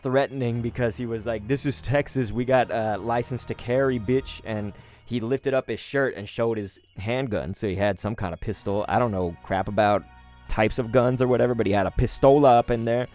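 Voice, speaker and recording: A man's voice: on the low side, fairly even intonation, brisk, darkish tone, faint music behind. A man hosting a card-opening vlog, telling a story casually with lots of fillers and casual swearing. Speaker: YouTube card-opening host.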